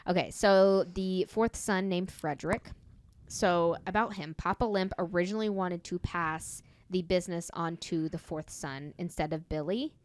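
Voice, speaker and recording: Lowish-voiced woman podcast host, rambly storytelling, lots of um and uh. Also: moderate pace. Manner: rambling, self-correcting, with fillers. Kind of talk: casual storytelling chat.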